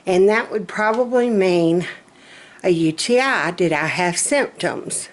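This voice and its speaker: Slow-talking woman vlogging. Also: fairly low pitch, lively intonation. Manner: chatty, self-mocking storyteller. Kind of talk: casual chat.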